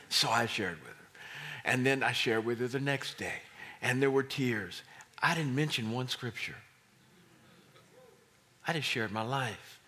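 A man delivers a sermon as a pastor, weaving a personal story into his message. His tone is bright and forceful. He drops to near-whispers for solemn moments, then rises to loud, excited bursts. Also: mid-range voice. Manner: storytelling preacher, swings from hushed whispers to loud exclamations.

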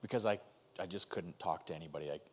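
A man in his thirties telling an emotional personal story in a conversation over a video call, halting and restarting as he goes. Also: sits low, a little mellow.

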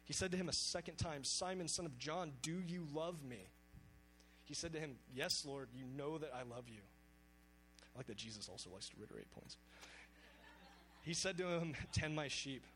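A man's voice: mid-range voice, lively intonation, normal speed, a bit bright, a little hiss or hum, rough recording. A man preaching a sermon, speaking earnestly and reading scripture aloud with emphasis.

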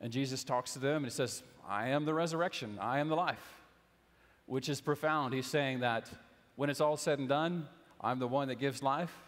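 A young man preaching a sermon as a pastor, conversational and gently humorous, with casual fillers. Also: medium pitch, normal speed. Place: church sanctuary. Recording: long hall reverb.

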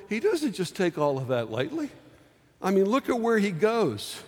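Preacher in a reverberant hall. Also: male voice, high-pitched, big pitch swings, darkish tone. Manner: dramatic slow emphasis, acting out quoted pleas. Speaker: pastor. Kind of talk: sermon.

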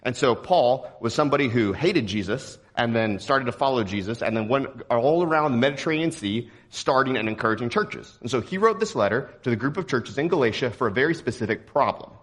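A young man from Texas preaching a sermon in a relaxed, joking, conversational way. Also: medium pitch, fairly quick, hardly any pauses, breathy edge. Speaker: pastor.

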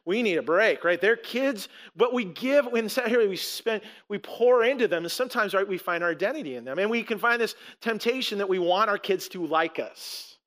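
A man's voice: sits high, lively intonation, moderate pace, hardly any pauses, a bit bright. A man preaching a sermon as a pastor, emphatic, asking rhetorical questions and repeating words as he restarts.

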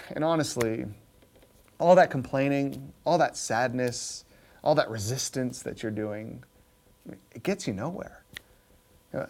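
A pastor giving a conversational sermon, often checking in with his listeners and dropping quiet and slow on key points. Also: medium pitch. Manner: keeps asking "right?" to the listeners; drops soft and slow on key points, rises sharply when stirred.

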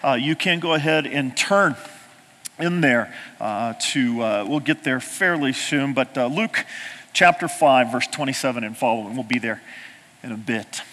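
A man's voice: mid-range voice, moderate pace, fairly bright tone, long reverb tail. A middle-aged man from Oklahoma, a pastor telling a story in a sermon, talking conversationally with frequent "uh" fillers.

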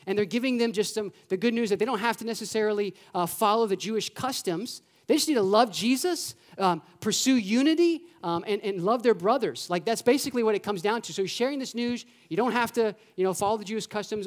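Animated conversational preacher. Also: mid-range voice. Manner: informal fillers and quick asides. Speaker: pastor. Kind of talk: sermon. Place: church sanctuary.

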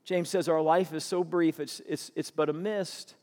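A man preaching a sermon as pastor, earnest and emphatic, slowing down to stress key phrases. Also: fairly high pitch, steady tone, darkish tone, long reverb tail.

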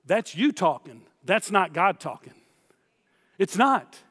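High-voiced man preaching in a hall. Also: big pitch swings, slow pace, fairly bright tone, husky. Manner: emphatic preaching with repeated phrases and direct address. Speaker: pastor. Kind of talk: sermon.

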